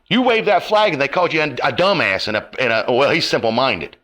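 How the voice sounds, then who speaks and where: A man's voice: medium pitch, expressive, brisk, hardly any pauses, bright, forceful tone. A man delivering a profane, confrontational rant to camera, his heat rising and falling. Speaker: online commentator.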